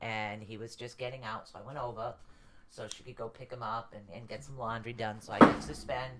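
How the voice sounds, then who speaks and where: A woman's voice: rumbling low, steady tone, fairly quick, very noisy. A middle-aged woman hosting a radio talk show, chatting casually with rambling anecdotes. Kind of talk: casual chat.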